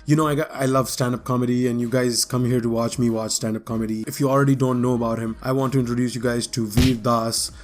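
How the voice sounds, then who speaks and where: A man hosting a reaction video, talking in a friendly, chatty way with quick interjections. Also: mid-range voice, flat delivery. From Pakistan. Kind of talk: casual reaction commentary.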